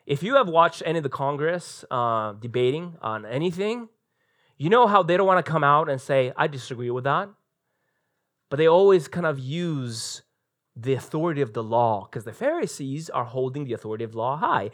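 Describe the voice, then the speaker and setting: A man's voice: fairly high pitch, animated, moderate pace, fairly bright tone. A male pastor preaching a live church sermon, telling the story animatedly and acting out the quotes. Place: church sanctuary, recorded live.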